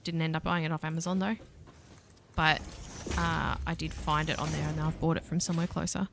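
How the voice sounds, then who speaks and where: A young Australian woman streaming a factory-building game, thinking aloud and chatting with viewers, quick to laugh at herself. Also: deep voice, level tone, gravelly, slight background noise. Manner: self-deprecating, laughs easily. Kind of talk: casual let's-play commentary. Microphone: desk mic, voice only without face cam.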